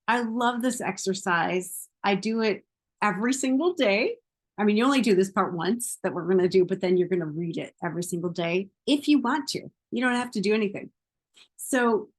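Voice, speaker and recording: A woman as a self-help coach, earnest, encouraging, chatty, mid-range voice. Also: medium pitch. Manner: talks straight to the listener with many "like"s. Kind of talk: guided self-help lesson.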